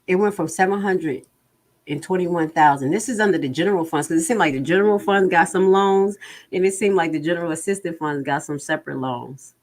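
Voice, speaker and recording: A woman with a lowish, darkish voice speaks a little fast while hosting a casual livestream. Blunt and exasperated, she goes through budget figures and reads out comments from viewers.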